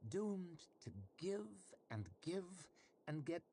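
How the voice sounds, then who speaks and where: A man's voice: high voice, very animated, slow, dark tone, slight background noise, voice pushed up, heavily acted. Man doing a whiny, self-pitying vain man. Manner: whiny, mournful.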